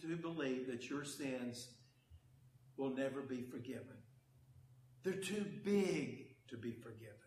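A man preaching a sermon, with emphatic delivery that swings between loud declarations and hushed low passages. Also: reverberant. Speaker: pastor. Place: church service.

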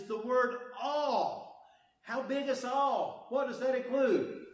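A man with a high voice preaches a sermon in a church. He swings from booming declarations to hushed, low passages. The sound is roomy and echoey. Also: slow. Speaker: pastor. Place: church service.

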